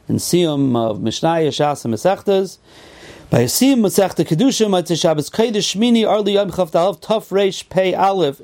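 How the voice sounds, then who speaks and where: A man with a high voice teaches a Torah class in American yeshiva English, full of Yiddish and Hebrew terms. He reads the texts in a sing-song, and his pitch leaps up and drops low without warning. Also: darkish tone. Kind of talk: Talmudic lecture.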